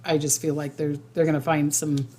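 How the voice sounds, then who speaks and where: A woman's voice: sits low, flat delivery, brisk, a little mellow, slight background noise. Rambling woman psychic host. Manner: rambling, many restarts and fillers, reads viewer comments aloud. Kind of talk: casual livestream chat.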